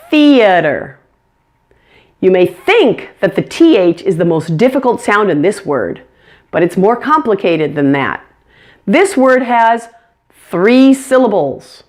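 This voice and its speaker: A woman teaching English pronunciation, speaking carefully and demonstrating each sound. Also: mid-range voice. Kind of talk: pronunciation lesson.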